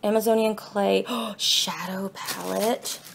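Young woman gushing over gifts into her phone in the kitchen, excited and chatty, bit of faint background hiss. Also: medium pitch, slow, gravelly. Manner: gushing, excited, apologetic asides. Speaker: vlogger. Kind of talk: casual unboxing vlog. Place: home kitchen. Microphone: phone held in one hand.

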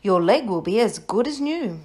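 A woman voicing a kind male veterinarian who talks in a calm, warm, soothing way. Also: mid-range voice, normal speed, close to an everyday voice. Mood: gentle.

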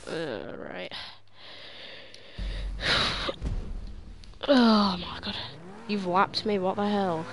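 A woman's voice: medium pitch, extremely slow, creaky, pauses often, a little hiss or hum. A young woman commenting on online races while chatting with friends, easily frustrated and repeating words under pressure. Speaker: gamer playing online races. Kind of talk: live gameplay commentary with voice chat.

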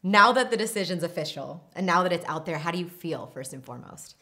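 A woman interviewer asking measured questions in a sports sit-down. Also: lowish voice, lively intonation, pushed and bright.

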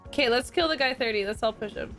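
An upbeat young woman with a somewhat high voice, chatting casually through a team shooter match. She fires off quick repeated callouts and laughs often, with game music playing clearly behind her. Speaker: streamer. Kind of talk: casual gameplay chat with teammates. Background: game music and sound effects.

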